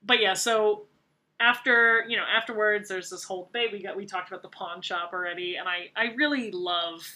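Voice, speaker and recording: A woman co-hosting a podcast in casual chat, animated and quick to act out her own reactions. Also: mid-range voice. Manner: animated, acts out reactions in quotes. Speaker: podcast co-host. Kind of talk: casual chat about a TV series.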